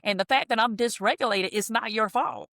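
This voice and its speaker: A woman's voice: on the high side, a little fast, a bit bright, no room sound, clean studio sound. A woman counselor and minister speaking as a podcast guest, explaining earnestly in a teacherly way. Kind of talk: candid podcast conversation.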